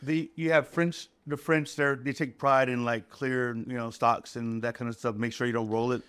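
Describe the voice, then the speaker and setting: A man's voice: mid-range voice, normal speed, clear, resonant tone. A man, a guest chef, casually telling stories and acting out kitchen exchanges in other people's voices. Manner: animated, acts out kitchen exchanges in quoted voices. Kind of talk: casual storytelling.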